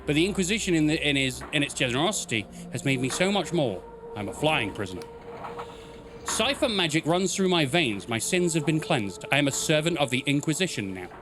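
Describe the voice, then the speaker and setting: Give me a man playing a flat, obedient flying prisoner servant in a fantasy game, a touch high-pitched. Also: fairly quick, background noise. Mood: dutiful. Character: flying mechanical male prisoner turned devoted servant. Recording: game music playing loudly behind.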